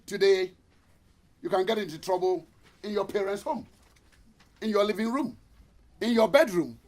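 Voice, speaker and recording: A man's voice: high-pitched, moderate pace, a little mellow. A man giving a motivational seminar talk, telling stories and asking the audience rhetorical questions. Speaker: motivational speaker.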